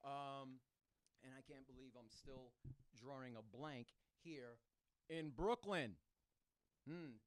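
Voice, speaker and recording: A man's voice: mid-range voice, takes it slowly, long pauses. A middle-aged man from Puerto Rico doing a rambling stand-up set, self-deprecating and often losing his train of thought. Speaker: stand-up comedian.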